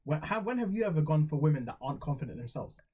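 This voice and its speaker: A young man co-hosting a casual podcast, bantering and launching into animated rants. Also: fairly high pitch, quick pace, breathy edge, dull audio. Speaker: podcast co-host. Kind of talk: casual chat.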